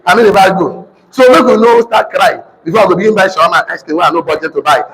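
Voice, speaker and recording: High-voiced Nigerian man in an echoing hall. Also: fast talker. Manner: animated, repetitive, mixes in pidgin. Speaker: motivational speaker. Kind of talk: teaching seminar talk.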